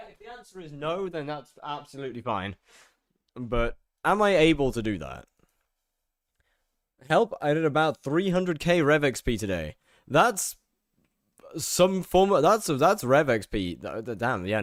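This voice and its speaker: Lively male game streamer, dry sound. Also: mid-range voice, no room sound. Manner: animated, greets viewers by name one after another; offhand, self-mocking asides. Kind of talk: casual livestream chat with viewers.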